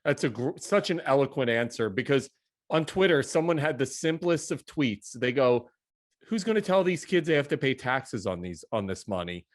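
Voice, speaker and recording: A man hosting a podcast interview, chatting casually with his guest. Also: a little high. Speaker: podcast host.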